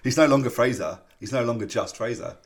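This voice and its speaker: A man's voice: medium pitch, animated, quick pace, vocal fry. A man co-hosting a podcast in casual chat, playful and rambling, teasing his co-host. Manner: playful, rambling, often restarts and teases.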